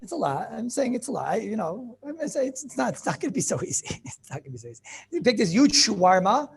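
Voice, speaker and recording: Gravelly-voiced rabbi teaching a lively class. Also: male voice, extremely high pitch, fast, a little hiss or hum. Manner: animated, full of rhetorical questions and asides. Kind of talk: lively Talmud lesson to students.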